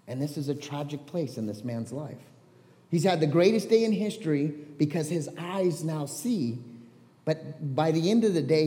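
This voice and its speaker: A male pastor preaching a sermon, animated and storytelling, joking with the congregation. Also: a little high, in a large hall.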